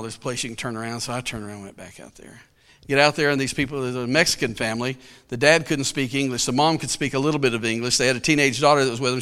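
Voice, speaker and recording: A man's voice: medium pitch, a bit bright, clear, resonant tone. A male pastor telling a story in a sermon, in a folksy, colloquial way, chuckling often.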